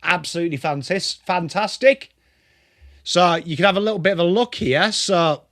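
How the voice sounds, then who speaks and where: An English man hosting a live sports watchalong stream, chatting excitedly and greeting viewers by name. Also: sits high, no echo, studio quality. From England. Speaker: livestream host.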